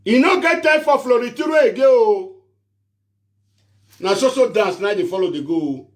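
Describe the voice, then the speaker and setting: A man with a high-pitched voice and a strong Nigerian Pidgin accent delivers a preachy, repetitive rant straight to his followers. He hammers the same phrases over and over and then turns to pleading. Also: animated, moderate pace. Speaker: social media prophet and show host. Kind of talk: animated rant to camera.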